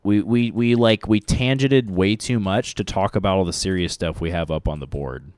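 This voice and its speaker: A man's voice: sits low, normal speed, clear, resonant tone, dry recording. A man co-hosting a podcast in casual, profane, joking banter. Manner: joking, swearing, animated. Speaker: podcast co-host.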